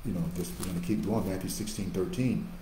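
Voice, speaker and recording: A man preaching a Bible-teaching sermon, animated, swinging between loud exhortation and quiet asides. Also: low-pitched, fast, echoey room, a little hiss or hum, rough recording. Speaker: pastor.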